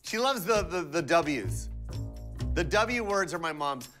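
A man doing stand-up with energetic, loud punchlines and crowd work, then talking about his mother. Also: a little high, takes it slowly, soft background music. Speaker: stand-up comedian. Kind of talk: stand-up set and interview.

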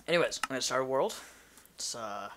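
A man's voice: mid-range voice, expressive, brisk, noisy background. A man giving casual gameplay commentary, rambling and easily distracted, talking to himself as he plays. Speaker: gamer.

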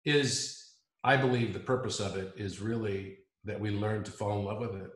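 A man's voice: lowish voice, fairly even intonation, moderate pace, reverberant. A man as an interview guest in a reflective conversation. He talks earnestly, often restarting his sentences and repeating words.

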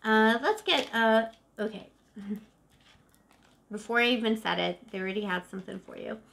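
A woman's voice: a little high, normal speed, creaky, a bit bright, a little hiss or hum. A woman in her forties doing a casual tarot reading to camera, chatty and emotive, often calling the viewer "boo-boo". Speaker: tarot reader.

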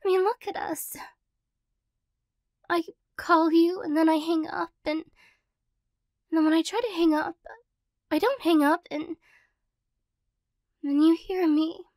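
A woman in a whispered role-play as a tearful ex-girlfriend, talking softly and rambling, flustered and emotional. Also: extremely high pitch, steady tone, measured pace, pauses often, dry recording, clean studio sound. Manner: soft, rambling, self-conscious and emotional. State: teary after crying. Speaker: ASMR role-play performer.

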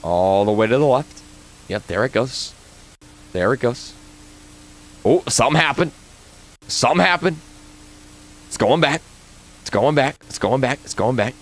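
A man's voice: medium pitch, lively intonation, measured pace, pauses often. A man playing a horror game and commenting, muttering nervously and repeating himself. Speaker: gaming YouTuber. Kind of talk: let's play commentary.

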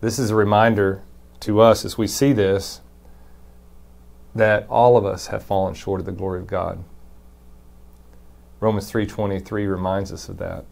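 A man's voice: lowish voice, vocal fry, darkish tone. A man, a pastor, giving a brief conversational devotion and reading Scripture aloud with emphasis. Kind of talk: short recorded devotion.

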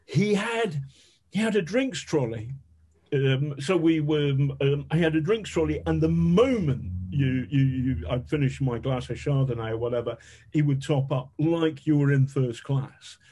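A man's voice: fairly high pitch, lively intonation, measured pace, dark tone, slightly rough. A middle-aged man telling vivid, self-mocking anecdotes as an interview guest, swearing freely. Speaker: guest, investigative journalist. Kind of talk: conversational storytelling.

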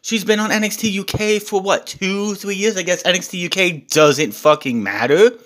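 A man's voice: high-pitched, normal speed, a bit bright. A man recapping a wrestling show in a casual, exasperated rant, swearing often.

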